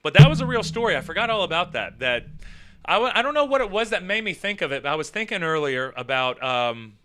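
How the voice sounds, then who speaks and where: A man hosting his own show, telling rambling comic stories in a casual, animated way with swearing. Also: on the high side, fast. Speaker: show host. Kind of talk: casual comedic storytelling.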